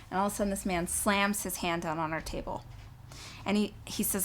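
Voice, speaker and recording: A woman sharing a personal faith testimony in an earnest, emotional way, often halting and restarting her sentences. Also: on the low side, fairly even intonation, a bit bright, a little hiss or hum.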